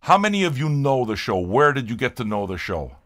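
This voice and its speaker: A man's voice: mid-range voice, big pitch swings, a little fast, a bit bright. Rambling, profane older man streaming. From Canada. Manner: rambling, profane, joking with chat. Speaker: music reaction streamer. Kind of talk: casual live-stream chat.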